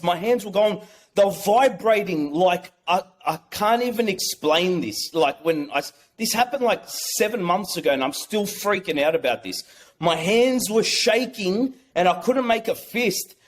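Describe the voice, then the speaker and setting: A young man telling a personal story as a podcast guest, excited and swearing, often restarting his sentences. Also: high-pitched, normal speed.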